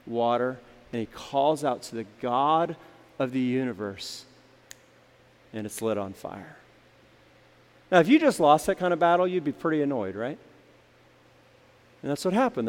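A man preaching a sermon to his church, telling a story and acting out the voices in it, moving between loud and hushed delivery. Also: on the high side, in a large hall. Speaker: pastor.

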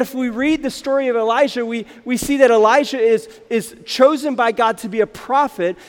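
A man preaching a sermon to his church, telling a story and acting out the voices in it, moving between loud and hushed delivery. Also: high voice, in a large hall. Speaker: pastor.

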